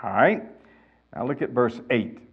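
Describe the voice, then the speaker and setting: A man's voice: mid-range voice, expressive, a little slow, vocal fry, breathy edge, highs cut off. A male pastor teaching verse by verse, reading passages aloud with emphasis and then explaining them. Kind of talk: expository Bible teaching.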